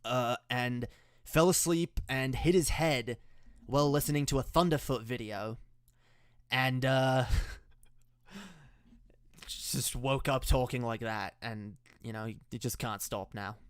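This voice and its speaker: A man's voice: mid-range voice, slow pace, long pauses, clear, resonant tone, dry recording, clean studio sound. Stammering sarcastic man with an odd accent. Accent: unusual mixed accent. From Canada. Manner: stammering, sarcastic, laughs often, swears. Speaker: commentary video host. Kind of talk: sarcastic reaction commentary.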